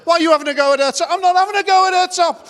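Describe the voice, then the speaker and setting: A man's voice: very high voice, racing, voice pushed up. A man voicing quarrelsome teenage daughters, shrieking and indignant as they bicker. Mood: shrill indignant. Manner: shrieking, indignant, escalating to shouts. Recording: long reverb of a large hall.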